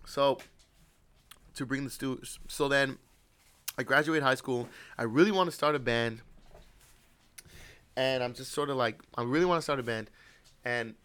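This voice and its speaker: A man's voice: mid-range voice, moderate pace, long pauses, fairly bright tone, clean tone. A young man and podcast host telling a long, rambling, profane story in casual chat.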